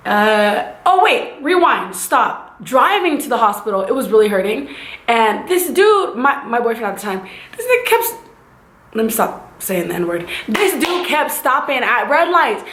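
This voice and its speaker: A young woman vlogger telling a casual, animated storytime, acting out the voices of the people in it. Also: a little high, moderate pace, roomy sound, slight background noise. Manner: animated, acts out voices and sound effects.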